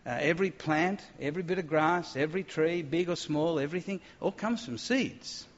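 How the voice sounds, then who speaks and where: A man's voice: fairly high pitch, normal speed. A man preaching a sermon to a gathered room, emphatic, with stumbling restarts as he reads and explains scripture aloud. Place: room with an audience. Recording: dull lo-fi recording with long reverb in a hall.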